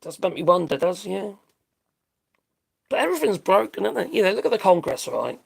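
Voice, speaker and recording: Middle-aged British streamer, blunt and sweary, rambles; high-pitched with a gravelly edge. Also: male voice, very animated, a little fast. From Britain. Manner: blunt, sweary, rambling, laughs at own jokes. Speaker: live stream host. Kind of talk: casual live-stream commentary.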